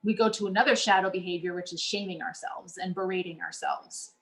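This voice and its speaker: A woman's voice: lowish voice, fairly even intonation, a little fast, gravelly, fairly bright tone. A woman coach giving a casual, earnest teaching talk to her audience, speaking conversationally with many fillers and restarts.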